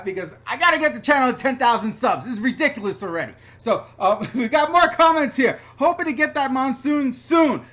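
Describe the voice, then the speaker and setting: A man's voice: very high voice, pushed and bright. A man from the New York and New Jersey area, hosting a rambling, casual live-stream Q&A from an upstairs room at home, reading viewer comments aloud and swearing lightly. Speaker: YouTube channel host.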